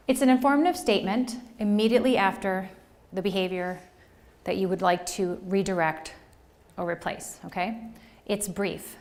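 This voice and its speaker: A woman from New Jersey giving a lively, conversational workshop presentation to educators, often checking in with the audience. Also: medium pitch. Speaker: conference presenter. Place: presentation room.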